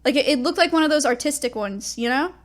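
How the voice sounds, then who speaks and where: A woman's voice: high voice, animated, quick pace. A young woman streamer telling rambling, self-deprecating stories in a casual chat.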